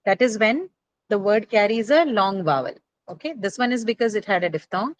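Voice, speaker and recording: A woman's voice: mid-range voice, expressive, normal speed, no room sound, poor audio. A woman teacher giving a classroom lecture on word stress, explaining patiently, repeating points and checking that students understand. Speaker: English teacher.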